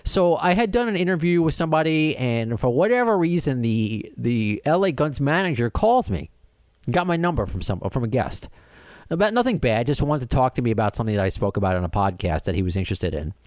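Animated man telling a rambling story. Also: mid-range voice, fairly quick, no room sound, clean studio sound. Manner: animated, rambling with many restarts and quoted dialogue. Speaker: podcast host. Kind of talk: casual storytelling chat.

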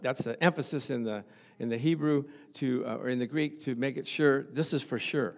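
A man's voice: medium pitch, moderate pace. A middle-aged male pastor preaching a sermon, stressing points by repeating phrases and chuckling at his own stories.

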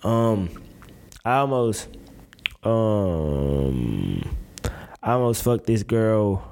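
A young man in his twenties talks straight to the camera in a candid confessional monologue, his voice sitting a little low. He rambles in loose slang and often restarts his sentences. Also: sing-song, extremely slow, creaky, darkish tone.

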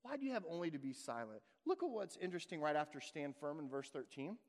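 High-voiced man preaching in a reverberant hall. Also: big pitch swings, fast talker. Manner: emphatic preaching with rhetorical questions. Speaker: pastor. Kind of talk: sermon.

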